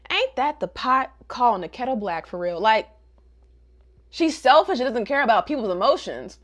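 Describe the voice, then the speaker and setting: Animated, sassy woman recapping a story. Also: a little high, moderate pace. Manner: animated, slangy, sassy commentary. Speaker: manga reviewer. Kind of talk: casual comic recap.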